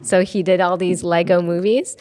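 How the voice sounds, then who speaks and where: A woman's voice: lowish voice, steady tone, normal speed, mellow. Friendly woman voice actor chatting. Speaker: voice actor guest. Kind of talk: casual interview chat.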